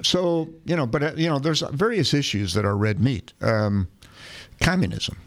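A man hosting a casual political talk show, speaking haltingly and often repeating words as he searches for his phrasing. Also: mid-range voice. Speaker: podcast host.

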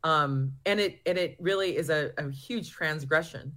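A woman's voice: sits low, moderate pace, a bit bright. A woman guest in an interview, speaking earnestly with frequent restarts and fillers. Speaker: guest, research group founder. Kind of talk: interview answers.

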